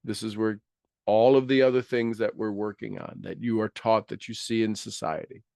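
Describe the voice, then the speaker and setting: A man's voice: fairly low pitch, fairly even intonation, moderate pace, creaky, darkish tone, no echo, clean studio sound. A man giving a motivational coaching talk, acting out quoted voices and laughing often.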